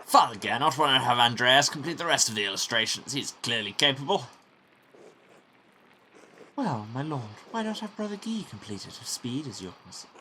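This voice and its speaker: A man plays a pompous middle-aged baron in a game, haughty and demanding, his voice bright and raised, with a lively pitch. A faint hiss runs beneath it. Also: normal speed.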